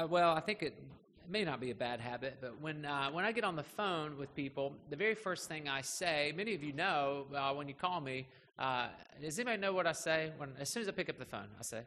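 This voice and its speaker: Bright-voiced pastor in a reverberant hall. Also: male voice, a little high, a little hiss or hum. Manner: conversational, self-deprecating storytelling with many fillers. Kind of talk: sermon. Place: church sanctuary. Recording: reverberant hall with faint background ambience.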